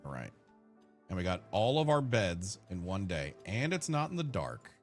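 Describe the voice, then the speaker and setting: A man's voice: low-pitched, sing-song, normal speed, faint music behind. A man streaming a game, chatting casually and profanely with his viewers and his characters while he plays. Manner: profane, joking, talks to chat and his characters. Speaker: gaming streamer. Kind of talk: casual let's-play commentary.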